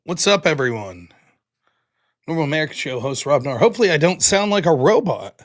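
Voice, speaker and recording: A man's voice: on the high side, sing-song, brisk. A man hosting his own live stream, chatting casually in a rambling, self-deprecating way. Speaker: show host.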